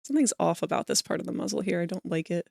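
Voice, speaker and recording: A giggly, rambling streamer chatting on a live stream while drawing. The voice sits at a middling pitch. The recording is dry and close, with no room sound. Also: very fast, gravelly, dry recording. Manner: giggly, laughs often, rambling. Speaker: streamer drawing furry art. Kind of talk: casual chat on a live stream.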